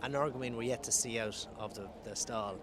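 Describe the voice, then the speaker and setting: A man, a former jockey, explaining calmly and with expertise in an outdoor parade ring. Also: medium pitch, fast, noisy background. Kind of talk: interview.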